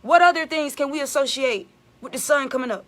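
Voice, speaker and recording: A woman's voice: sits high, a little fast, a bit bright. A woman giving an emphatic, repetitive spiritual vlog monologue as a channeler.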